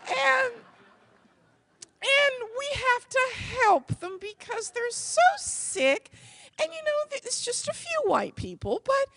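A woman voicing her cheerful, gentle mother with a sing-song, coaxing manner. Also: very high-pitched, sing-song, takes it slowly, creaky, pitched above the performer's own voice, exaggerated voice. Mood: sweetly cheerful. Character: cheerful, gentle singing mother, sunny and sweet.

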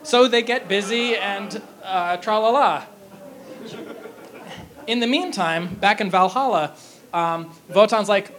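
A man's voice: sits high, takes it slowly, long pauses, fairly bright tone. A man retelling an opera plot in a casual, jokey way to an audience, with lots of fillers and restarts. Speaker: lecturer.

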